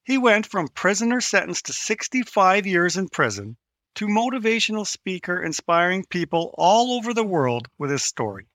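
A man introduces a podcast clip in a bright, animated voice that sits high for a man. The sound is dry and close, and he comes across as upbeat. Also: normal speed, no echo. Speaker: podcast host.

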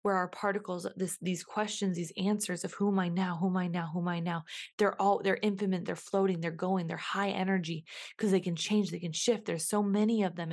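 A woman's voice: fairly low pitch, fairly even intonation, brisk, a little mellow. A woman hosting a reflective solo podcast, musing aloud and repeating questions to herself as she works through her thoughts. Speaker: podcast host.

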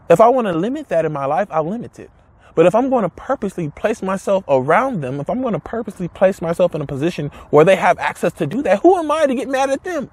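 Husky, lively high-voiced man. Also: quick pace, dry recording. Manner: emphatic, repetitive, rhetorical questions. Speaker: motivational speaker. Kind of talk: casual motivational talk to camera.

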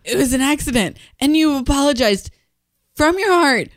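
A woman co-hosting a casual chat, supportive and emphatic, quick to laugh. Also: high voice, expressive, no room sound. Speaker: podcast co-host.

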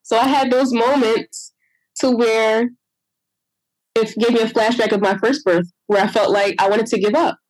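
A woman's voice: normal speed, no echo, poor audio. Woman recounting a story in a dry, close sound. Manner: animated, acts out her own past words in a higher voice; frequent fillers like "I'm like" and "you know". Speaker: guest telling her birth story. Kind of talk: casual personal storytelling.

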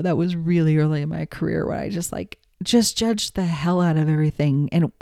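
A woman's voice: fairly low pitch, mellow, dry recording, clean studio sound. A middle-aged woman teaching about psychic readings in a casual, candid way, telling a story and acting out what people said. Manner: chatty, candid, swearing, acts out quotes. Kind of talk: casual teaching talk with anecdote.

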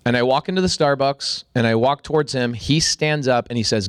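A man in his forties, a podcast guest, telling a story with animated energy and a voice that jumps up when excited. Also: medium pitch, fairly quick, clean tone, no echo, studio quality.

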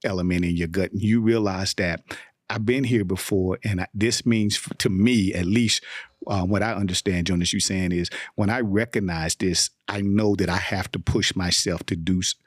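Male host, very low voice, halting delivery, dry recording. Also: steady tone, dry recording. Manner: hesitant, repeats words while thinking. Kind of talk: casual interview chat.

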